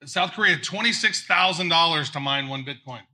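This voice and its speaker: A man co-hosting a podcast with a very bright, slightly high voice. He talks casually and eagerly, laughing along with his partner. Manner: chatty and quick to laugh. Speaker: podcast co-host. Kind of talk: casual live podcast chat.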